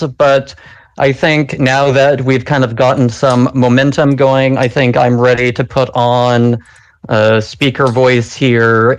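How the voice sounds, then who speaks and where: A man's voice: medium pitch, clean tone, dry recording. Guy hosting a live audio chat, super casual, lots of ums, dry sound. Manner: loose, filler-heavy, chatty. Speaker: podcast host.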